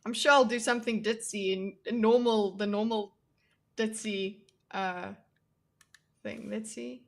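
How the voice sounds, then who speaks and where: A woman's voice: medium pitch, steady tone, unhurried, gravelly. A young woman hosting a casual livestream, chatting with her viewers in a self-deprecating way and laughing often. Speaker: livestream host. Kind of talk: casual livestream chat reacting to chat.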